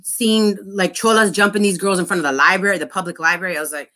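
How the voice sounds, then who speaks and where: Woman from the Los Angeles area, bright tone, slangy casual talker. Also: steady tone, fast. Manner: slangy, drops low and mutters asides, reacts with gasps. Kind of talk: casual chat.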